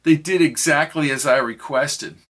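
Smug taunting villain guy, bright edgy voice, a male narrator putting him on. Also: a little high, moderate pace. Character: cold menacing man who manipulates realities.

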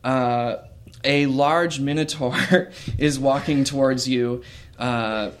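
A man's voice: mid-range voice, fairly even intonation. A man narrating a tabletop game as game master, with frequent hesitations and fillers. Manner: slow, hesitant, with many fillers.

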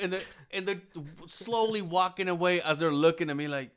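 A young man in casual podcast chat, telling a crude story with lots of swearing, laughing as he talks and shouting out the lines he quotes. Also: high voice, normal speed, few pauses, clear, resonant tone. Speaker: podcast co-host.

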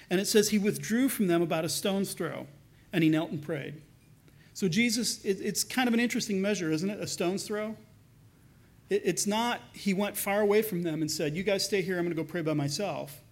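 A pastor preaching a sermon in an earnest, conversational way, slowing down to read scripture with emphasis. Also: male voice, sits high.

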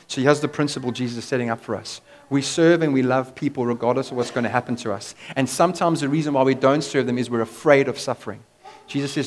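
A man's voice: medium pitch, fast talker. A man preaching a sermon as pastor, in an emphatic, conversational way.

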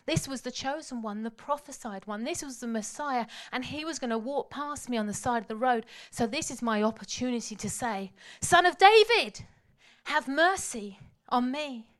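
A woman preaching a sermon, telling the story dramatically and swinging from hushed tones to loud calls. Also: on the high side, a little fast, few pauses.

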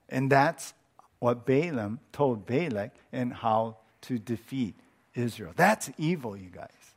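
Male pastor, Bible teaching, lively and chatty, middle pitch. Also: slow pace, husky. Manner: conversational, animated, many fillers and restarts. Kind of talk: expository Bible teaching sermon.

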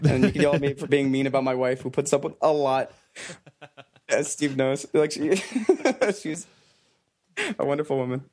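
A man co-hosting a podcast, excitable and stumbling, laughing often. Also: mid-range voice, moderate pace. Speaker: podcast co-host. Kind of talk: casual chat.

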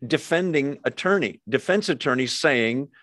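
A man of ordinary pitch leads a Bible study, walking through the text verse by verse. He talks it over casually, stopping for asides and fixing his own slips as he goes. The sound is close and dry. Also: expressive, moderate pace, fairly bright tone, no room sound. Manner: explains verse by verse, asides and self-corrections. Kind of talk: conversational scripture teaching.

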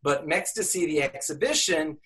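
Older male professor guest, animated storyteller, plenty of ums and restarts. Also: fairly high pitch, normal speed. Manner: animated, laughing, many fillers and restarts. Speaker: English professor and author. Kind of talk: storytelling in an interview.

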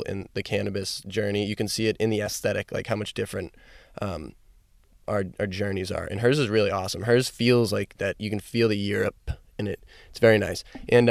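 A young man talks into a microphone from inside his parked car, rambling on his solo podcast with a low, gravelly voice. His delivery is loose and chatty and full of casual swearing. The sound is dry, with no room echo. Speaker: podcast host.

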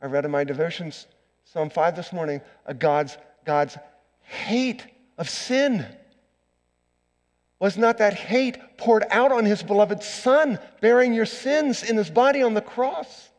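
Pastor, middle-aged man, slightly high voice, earnest sermon delivery with loud and hushed turns, long church reverb. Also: moderate pace. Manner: earnest preaching, swings from loud emphasis to hushed. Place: church sanctuary.

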